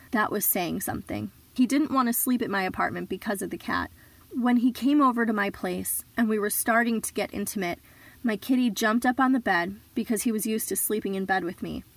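A woman telling a personal story in an earnest, measured way, with sudden shouted outbursts when she quotes herself. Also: medium pitch, no echo. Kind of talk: personal story told live.

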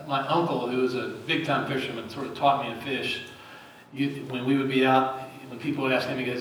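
A man's voice: medium pitch, steady tone, fast, slight background noise. Man preaching in a very echoey hall. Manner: conversational, asks the congregation questions. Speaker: pastor. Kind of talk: sermon. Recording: very echoey, distant mic.

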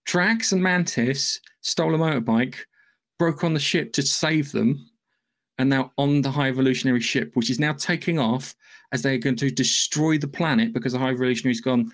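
A man talks through a film's story on a podcast, rambling and casual. He swears freely as he goes, and his voice sits at an ordinary middle pitch. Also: normal speed. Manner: rambling, loose and profane storytelling. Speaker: podcast host. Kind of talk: casual podcast plot recap.

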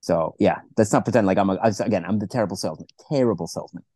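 Man, podcast co-host, casual film chat, relaxed and swearing, warm dark tone, dry close sound. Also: sits low, rapid-fire, slightly rough, no echo. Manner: laid-back, swearing, acts out quotes in funny voices.

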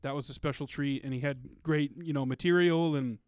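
A man in casual podcast chat, talking excitedly in slangy, loose phrasing. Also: a little high, fairly quick, clean tone, dry recording, clean studio sound.

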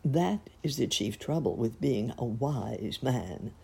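A woman voicing a solemn, bookish wise man who speaks slowly and deliberately in a storybook reading. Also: low voice, sing-song, darkish tone, husky, pitched above the performer's own voice, full character voice.

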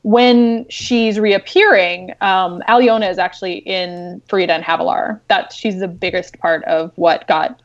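A woman novelist talking casually about her writing, animated and excited, with many fillers. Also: fairly low pitch, measured pace, few pauses, dull audio. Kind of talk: casual podcast chat.

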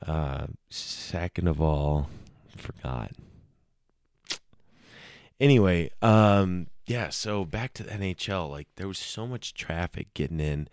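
A man's voice: sits low, animated, slow, darkish tone, no room sound, clean studio sound. A young man telling a rambling, profane comic story on his own podcast, often breaking off to joke with listeners. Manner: rambling, self-interrupting, profane. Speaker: solo podcast host. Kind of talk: casual comedic storytelling.

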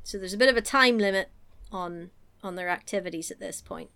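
A woman's voice: mid-range voice, a little fast, gravelly. A woman recapping a film in casual chat as a podcast co-host, laughing often and acting out the lines. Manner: animated, laughing, acts out quotes.

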